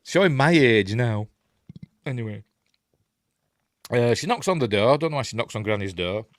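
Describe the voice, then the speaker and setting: A man's voice: mid-range voice, lively intonation, normal speed, dry recording, studio quality. A middle-aged man with a Yorkshire accent hosting a rambling, chuckling film breakdown, going off on tangents as he talks. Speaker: film review host. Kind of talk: casual film commentary.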